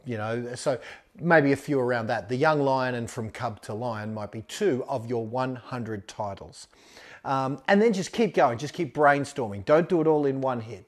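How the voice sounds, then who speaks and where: A man talks through business advice in a loose, chatty way. He rambles, restarts his sentences and fills gaps with ums and uhs, at a mid pitch. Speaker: business mentor answering a question. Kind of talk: casual advice talk.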